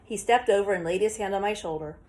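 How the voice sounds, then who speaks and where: A woman reads a first-person story aloud for an audiobook, in a steady, plain storytelling manner. Her voice is mid-range and her pace is quick.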